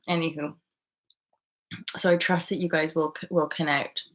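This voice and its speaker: A young woman hosting a tarot livestream, chatting candidly and swearing freely as she reads out viewer comments and retells her own experiences with sudden loud outbursts. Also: deep voice, level tone, moderate pace. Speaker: livestream host reading tarot. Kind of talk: casual livestream chat.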